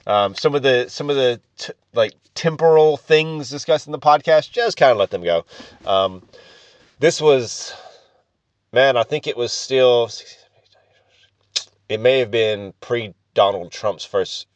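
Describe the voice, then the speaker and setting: A man's voice: mid-range voice, measured pace, no echo. A man hosting a podcast in a casual, rambling way, with lots of fillers and restarts and crude jokes. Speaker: podcast host. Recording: muffled lo-fi podcast audio.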